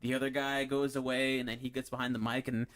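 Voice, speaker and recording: A man's voice: mid-range voice, level tone, fast, fairly bright tone. A man hosting a podcast, chatting casually and rambling through a story with lots of fillers and restarts. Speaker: podcast host. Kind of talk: casual chat.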